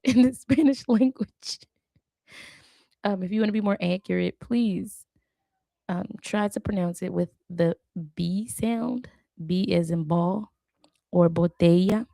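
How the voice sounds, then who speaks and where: Slow, gravelly-voiced woman practicing aloud. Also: mid-range voice, mellow, dry recording, studio quality. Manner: chatty, self-correcting, repeats words aloud. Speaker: language learner hosting a live stream. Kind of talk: casual live study session.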